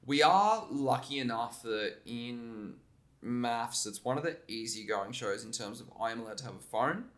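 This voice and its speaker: A young man with an Australian accent speaks as a podcast guest, easygoing and unhurried. His stories wander, full of "um" and "like," with frequent self-corrections. His pitch sits in a typical middle range for a man. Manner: relaxed storytelling with many fillers and restarts. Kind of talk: casual chat.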